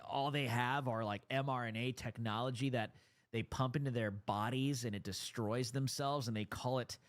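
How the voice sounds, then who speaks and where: A man's voice: mid-range voice, fairly even intonation, moderate pace, dry recording. Guy streamer trash-talking clips live, jeering and mocking the whole time, dead dry sound. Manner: mocking, insulting running commentary. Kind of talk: live stream reaction commentary.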